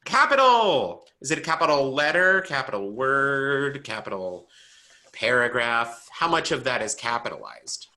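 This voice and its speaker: In an online braille class, a man walks his students through the material step by step, playful and animated, and quizzes them as he goes. His pitch is medium and his speed normal.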